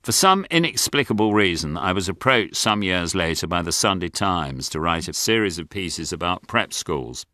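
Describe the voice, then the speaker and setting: Older man, low and bright, dry wit, lively delivery; close dry studio read. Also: moderate pace, hardly any pauses, no room sound. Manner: dry, wry, self-mocking. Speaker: author and narrator. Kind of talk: audiobook memoir narration.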